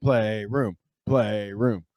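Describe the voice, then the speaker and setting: A man's voice: lowish voice, steady tone, very slow, a little mellow, no room sound, studio quality. A man co-hosting a talk stream, cracking crude jokes and laughing often as he reacts to a video. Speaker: podcast co-host. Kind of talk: casual comedic commentary over a video.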